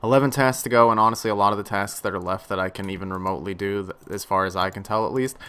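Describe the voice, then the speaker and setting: A young man casually commenting on his own gameplay, chatty, dropping into low mutters and then bursting out excitedly. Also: racing, clear, resonant tone. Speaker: gaming channel host.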